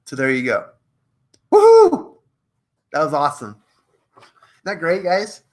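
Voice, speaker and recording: A young man hosting a live coaching stream, energetic and playful, reading passages aloud and chatting directly to his viewers. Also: on the high side, moderate pace. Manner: energetic, playful, reads aloud from a book and retells movie scenes. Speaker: host of a live social media show.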